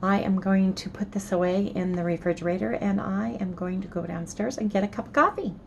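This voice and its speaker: A woman's voice: medium pitch, fairly quick, vocal fry, lo-fi sound, a little hiss or hum. A middle-aged woman chatting casually and upbeat to her viewers on a phone. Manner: upbeat, talks straight to viewers. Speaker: vlogger. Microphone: handheld phone.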